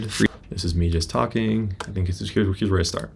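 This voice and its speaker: Male instructor, deep fry in the voice, halting tutorial delivery, laptop mic. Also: steady tone, darkish tone, a little hiss or hum. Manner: casual, halting, many restarts. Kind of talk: screen-recorded software tutorial. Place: indoor room at a laptop. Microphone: laptop built-in microphone.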